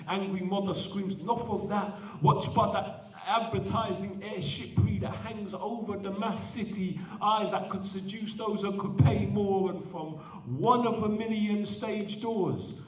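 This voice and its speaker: Poet, male, high pitch, animated rhythmic delivery, heard from afar in a roomy space. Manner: animated, self-deprecating between poems. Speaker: poet performing at a student event. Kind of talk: spoken word poetry performance. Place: large indoor event hall. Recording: echoey hall, voice from a distance.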